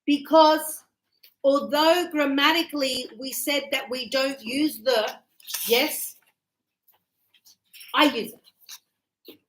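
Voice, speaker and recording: A woman's voice: sits high, steady tone, slow pace, pauses often, a bit bright, a little hiss or hum, rough recording. A woman teaching an English grammar class, chatting loosely and telling stories from her own life. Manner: chatty, tells anecdotes, repeats words. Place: classroom in Sydney.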